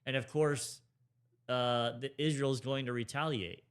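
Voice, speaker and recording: Man with a smooth, clear voice, chatting. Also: medium pitch, measured pace. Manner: rambling, many restarts and hedges. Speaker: podcast co-host. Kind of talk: casual chat about current affairs.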